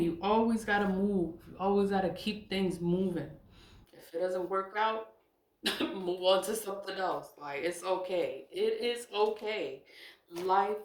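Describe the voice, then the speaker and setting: A spiritual vlogger with a mid-range voice sits at a laptop in an echoey indoor room, chatting casually about spiritual topics. She reads questions aloud and answers in a rambling way, repeating herself and laughing often.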